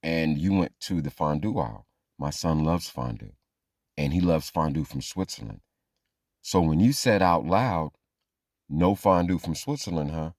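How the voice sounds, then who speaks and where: A man's voice: rumbling low, animated, measured pace, darkish tone, no room sound, clean studio sound, full character voice. A man voicing a clingy, grieving older woman in a comic story, rambling and pleading.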